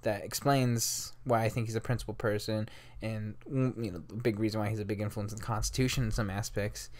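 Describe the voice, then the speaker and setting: A man's voice: lowish voice, steady tone, fairly quick, a little mellow. Rambling young man telling history. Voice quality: rambling, swears freely, talks straight to listeners. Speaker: history podcast host. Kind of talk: casual history storytelling.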